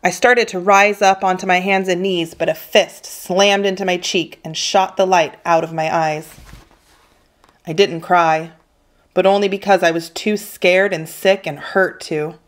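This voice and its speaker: A woman teacher reading a children's novel aloud with steady, expressive storytelling. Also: lowish voice, a little slow. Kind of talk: children's book read-aloud.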